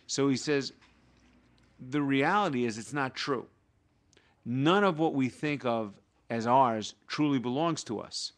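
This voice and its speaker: A man of ordinary pitch speaks as a guest in a conversation, reading a few lines and then explaining them. He brings the ideas down to earth with everyday examples that he acts out. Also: animated, a little slow. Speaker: guest teaching Kabbalah.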